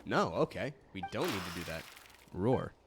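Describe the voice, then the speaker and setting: A man's voice: lowish voice, big pitch swings, fairly quick, over loud music. A man giving casual, self-deprecating commentary while playing a video game and reading its text aloud. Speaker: let's play host.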